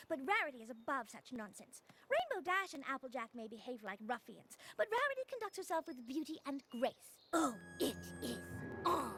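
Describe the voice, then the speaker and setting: Cartoon casting: a dramatic, elegant unicorn lady, very high and swooping. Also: bright, forceful tone, full character voice. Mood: defiant. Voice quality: refined, theatrical diction. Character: prim fashion-loving female unicorn. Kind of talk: cartoon voice acting. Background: music.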